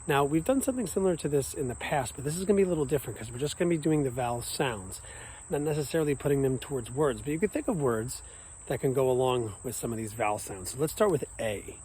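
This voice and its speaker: A man teaching children a vocal warm-up outdoors at a nature center, upbeat and now and then singing the vowel sounds out. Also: mid-range voice, animated, fast talker, slight background noise, rough recording. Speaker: music teacher.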